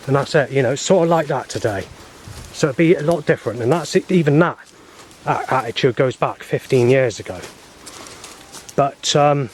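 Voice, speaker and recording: Man, vlogger, rambling hesitant monologue, mid pitch, faint background hiss. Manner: repetitive, hesitant, circling back on itself.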